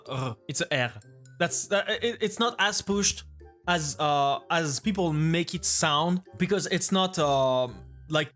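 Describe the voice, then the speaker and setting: A man's voice: fairly high pitch, a bit bright. A man from France with a French accent, reacting to a video and explaining pronunciation casually, with frequent restarts. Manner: halting, restarts often, explains patiently.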